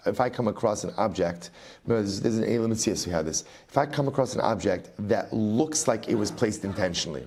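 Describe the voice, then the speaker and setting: A middle-aged man, a rabbi, giving a Talmud study lecture in an animated way, repeating phrases for emphasis and weaving in Aramaic and Hebrew. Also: fairly low pitch.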